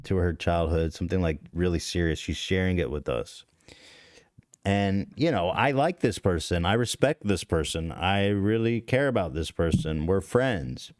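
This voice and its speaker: A man with a low, deep voice tells a confessional story on a podcast. He rambles, swears freely and cuts himself off mid-sentence. The sound is close and dry. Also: a little mellow, dry recording. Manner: rambling, profane, self-interrupting. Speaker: podcast host.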